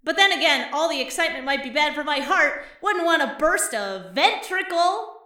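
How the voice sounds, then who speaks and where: A woman's voice: high-pitched, lively intonation, moderate pace, pushed and bright, far from the mic. A woman playing a quirky comedian who lives in the vents, rambling through a stand-up set with giggles. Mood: amused. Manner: rambling, giggly, puts on voices in anecdotes. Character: quirky vent-dwelling comedian, chatty and odd. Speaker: stand-up comic and co-host. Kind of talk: audio drama stand-up monologue. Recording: roomy, from off-mic.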